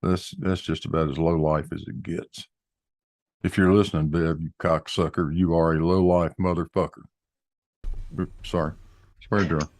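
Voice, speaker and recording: Very deep-voiced blunt man. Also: flat delivery, normal speed, darkish tone. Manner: blunt and profane, heated. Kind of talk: casual group chat on a live stream.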